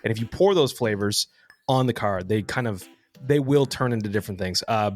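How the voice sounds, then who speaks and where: A man co-hosting a podcast, building a joke with deadpan delivery and many "uh"s. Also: fairly low pitch, fairly quick, soft background music. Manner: deadpan mock-advert delivery with many fillers. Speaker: podcast co-host. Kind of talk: casual comedic podcast banter.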